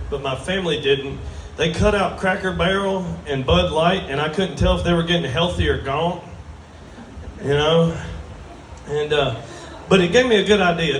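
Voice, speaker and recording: A man's voice: on the high side, fairly bright tone, slight background noise. A man doing a stand-up comedy set at a brewery, drawling and crude, making fun of himself. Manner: drawling, crude, self-mocking. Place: brewery stage with live audience. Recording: roomy live venue from a distance.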